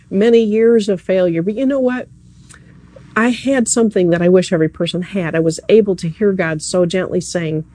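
A preacher delivers an earnest sermon at an evening service in a warm, mellow voice. The talk stays conversational and speaks straight to the listeners, with pitch at an ordinary middle level.

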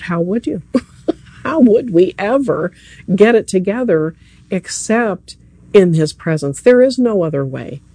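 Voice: medium pitch, warm tone, slightly rough. A preacher giving a sermon at an evening church service, speaking earnestly and conversationally and addressing the listeners directly.

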